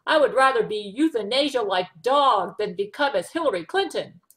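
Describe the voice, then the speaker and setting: A woman voicing a stubborn, furious man who shouts in broken English, in a read-aloud story. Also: a little high, animated, normal speed. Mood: indignant. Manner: shouting, loud declarations.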